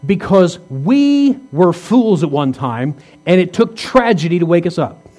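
A man's voice: high-pitched, very animated, unhurried, dark tone. A man in his fifties, a pastor preaching a sermon in a conversational way, asking rhetorical questions and teasing the congregation. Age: 50s. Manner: jokes and teases the congregation.

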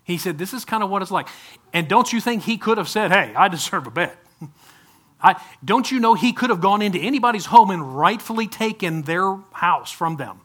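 A man's voice: sits high, expressive, moderate pace, a bit bright. A male pastor preaching a conversational sermon, often asking the congregation direct questions.

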